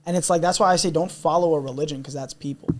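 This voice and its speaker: A man's voice: on the high side, fairly even intonation, quick pace. A young man telling a personal story in a candid, intense, earnest way, as a podcast guest. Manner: intense, earnest, repeats himself.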